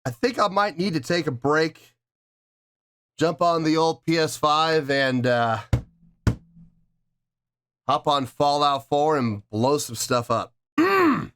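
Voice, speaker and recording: Animated man hosting a reaction video. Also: a little high, clean tone. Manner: animated mock outrage, drawn-out emphasis. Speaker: music reaction host. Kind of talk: casual reaction vlog.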